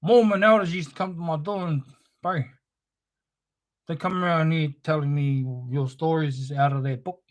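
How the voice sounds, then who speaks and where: A man's voice: fairly high pitch, steady tone, moderate pace. A man giving an impassioned live-streamed monologue, preachy and confrontational, swearing heavily. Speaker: livestream host. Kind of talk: impassioned spoken-word monologue.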